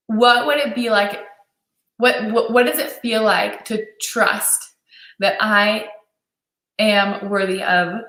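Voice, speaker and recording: A woman's voice: medium pitch, pushed and bright. A young adult woman coaching on dating during a live-stream Q&A, enthusiastic and encouraging as she reads viewer comments aloud. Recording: echoey room.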